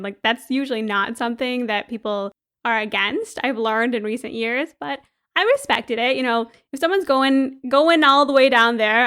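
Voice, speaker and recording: High-pitched young woman telling a story. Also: clear, resonant tone. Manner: animated, laughing often. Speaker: podcast co-host. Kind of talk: casual storytelling chat.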